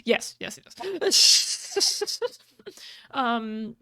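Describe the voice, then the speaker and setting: A woman's voice: a little high, very animated, very slow, sharp tone, dry recording, studio quality. A woman hosting a podcast, recapping a video game story in a giggly, rambling way with many fillers. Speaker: podcast host.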